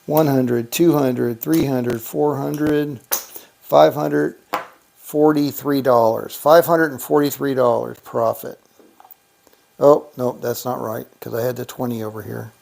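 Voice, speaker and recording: A man hosting a casual livestream, counting out money and reading viewer comments aloud in a relaxed, thinking-aloud way. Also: mid-range voice, measured pace, vocal fry, a little hiss or hum. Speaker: livestream host. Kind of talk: casual live-stream chat.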